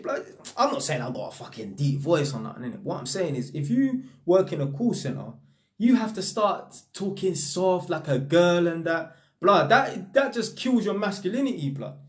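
A young man with a London accent talks to camera in a loose, slangy monologue. His voice sits a bit high for a man, and he tells his stories with real energy. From North London. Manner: slangy street talk, animated storytelling. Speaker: vlogger.

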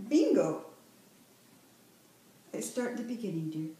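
A woman's voice: mid-range voice, expressive, normal speed, warm tone, recorded from a distance, slight background noise. Patient woman tutor in an echoey room. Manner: patient, praising and encouraging. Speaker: reading tutor. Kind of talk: one-on-one tutoring.

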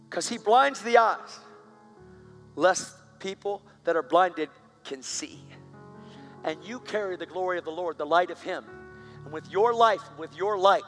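A man with a slightly high, fairly bright voice preaches a storytelling sermon. He tells the story with strong emotion and builds into fervent prayer.

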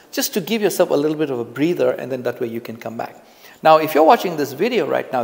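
A man teaching public speaking to the camera in a relaxed, conversational way, often repeating phrases for emphasis. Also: on the high side, creaky, long reverb tail. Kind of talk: casual on-camera lesson. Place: indoors, filming himself on camera. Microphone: camera mic, speaking to camera.

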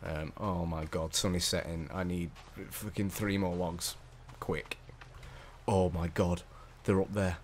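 A young English man with a low voice talks through a survival game, swearing and muttering in panic. A faint hum sits behind him. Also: steady tone, measured pace. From England. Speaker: gamer. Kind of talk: let's play commentary. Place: small hot room at home.

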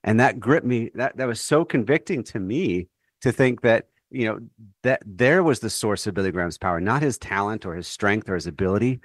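A man's voice: fairly low pitch, lively intonation, moderate pace, dry recording, clean studio sound. A man speaking as an author guest in a faith radio interview, earnest and thoughtful, sometimes restarting his phrases.

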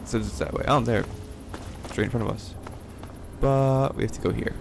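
A man's voice: medium pitch, fairly even intonation, moderate pace, vocal fry. A man giving rambling let's play commentary, swearing and breaking into jumpy outbursts, with game music behind him. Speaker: gameplay commentator.

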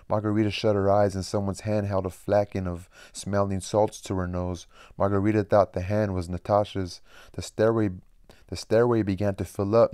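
Male reader of a classic novel, steady and even, deep and smooth, recorded dry. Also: dry recording. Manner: plain steady reading with occasional slips and rereads. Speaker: audiobook reader. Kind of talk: reading a novel aloud.

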